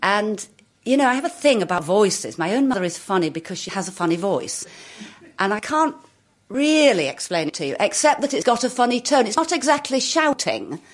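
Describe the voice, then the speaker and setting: A woman's voice: mid-range voice, very animated, brisk. A woman, an actress, telling stories animatedly with self-mocking humour. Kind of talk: anecdotal talk.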